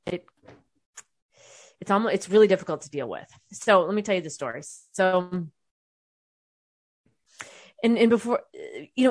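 With a fairly low voice and no room sound around it, a young adult vlogger recounts a personal story for her viewers. Her manner is frank and casual, full of swearing and sentences she begins again.

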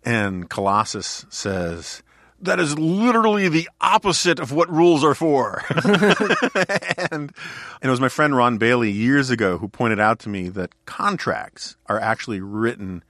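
A man's voice: on the low side, a bit bright, no echo, clean studio sound. A man hosting a podcast, talking casually and at length with frequent restarts and easy laughter. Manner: rambling, restarts often, laughs readily. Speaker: podcast host.

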